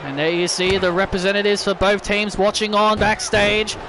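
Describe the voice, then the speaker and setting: A man doing excitable play-by-play wrestling commentary over a video game, yelping at big moves and joking sarcastically about glitches. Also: high voice, moderate pace, noisy background.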